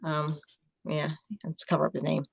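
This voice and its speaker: Woman, Long Island New York accent, rambling live-chat host, mid pitch, dry close sound. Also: completely flat delivery, moderate pace, creaky, breathy edge, no room sound. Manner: chatty, laughs often, rambling. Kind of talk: casual late-night chat.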